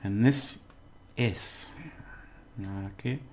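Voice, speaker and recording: A man giving a casual language lesson, explaining slowly and repeating words, with many fillers. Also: mid-range voice. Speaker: language teacher.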